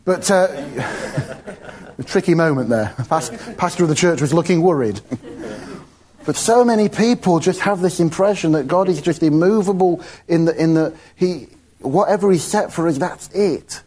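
A man's voice: on the high side, animated, moderate pace, a little mellow. A man giving an informal, chatty sermon, often laughing between his points. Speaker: preacher.

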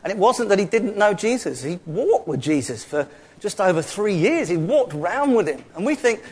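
A man's voice: high voice, big pitch swings, moderate pace, husky. A middle-aged man with a London accent giving a chatty, conversational sermon full of asides and rhetorical questions. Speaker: preacher.

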